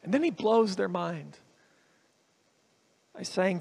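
A man's voice: sits high, animated, slow, creaky, a little mellow, husky. A man preaching a sermon as a guest speaker in a church, earnest and emphatic, repeating his phrases for weight. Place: church hall with a congregation.

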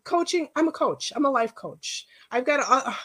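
Chatty higher-voiced middle-aged woman. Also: lively intonation, normal speed, a bit bright. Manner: chatty, personal storytelling with rambling asides. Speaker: life coach. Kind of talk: casual workshop talk.

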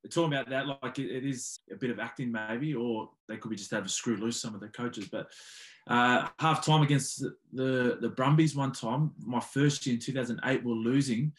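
A man, a former player casually telling an animated story with the odd swear word. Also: medium pitch, normal speed.

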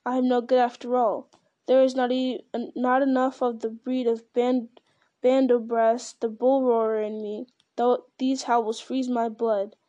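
A woman's voice: on the high side, little pitch movement, a little slow, mellow, lo-fi sound, lightly acted. A woman reading the part of a timid, gloomy young male hobbit in a fretful, muttering way.

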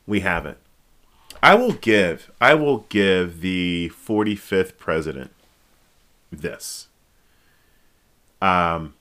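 A man with a very low voice hosts a casual podcast, talking slowly in a bright, forward tone. He rambles through the news with jokes and restarts, now and then jumping into high exclamations. He speaks into a podcast microphone. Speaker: podcast host. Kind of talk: casual political commentary.

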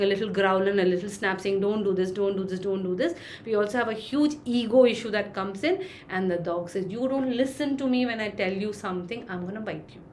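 A woman dog trainer talks through her points in an interview, pausing on filler words and slipping into little voiced examples. Her pitch sits in the middle. A faint low rumble runs behind her. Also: darkish tone. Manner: explains with acted-out examples, many fillers. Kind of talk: interview answer, explaining.

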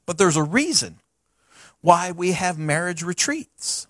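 A middle-aged man, a pastor preaching a sermon to his church in a folksy, animated way with chatty asides. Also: high voice, measured pace, no echo, clean studio sound. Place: church sanctuary.

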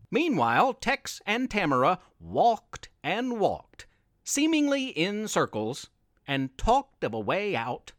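A man narrating a story in an expressive, unhurried reading. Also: high voice, no room sound, studio quality.

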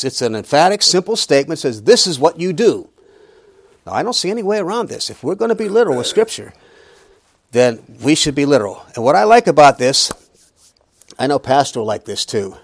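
A man's voice: on the high side, no echo, clean studio sound. A middle-aged man teaching a Bible lesson in an emphatic preaching style, with humorous asides.

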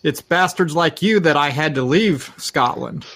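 A man voicing a surly male Scot who resents the English, speaking gruffly and bluntly. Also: fairly high pitch, expressive, measured pace, fairly bright tone, full character voice. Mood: scornful.

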